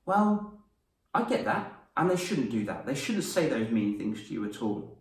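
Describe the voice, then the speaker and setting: Upbeat coach in an echoey room. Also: male voice, medium pitch, very animated, normal speed, recorded from a distance. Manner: upbeat, encouraging, praising viewers by name. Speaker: confidence coach. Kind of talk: live online lesson for children.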